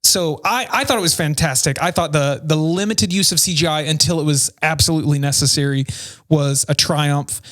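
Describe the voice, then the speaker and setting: A man's voice: fairly high pitch, brisk, a bit bright. Man, thirties, podcast co-host, rambling, second-guessing himself, headset mic. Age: 30s. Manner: rambling, self-questioning. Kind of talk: casual chat. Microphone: headset earphones.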